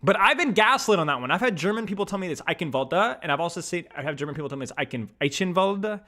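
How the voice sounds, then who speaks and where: A young male streamer with a bright, forward voice chats casually as he sounds out words. His pitch jumps around a lot, and he keeps breaking into mock-outraged shouts. It is loose, animated talk rather than a script. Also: quick pace. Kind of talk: casual pronunciation chat.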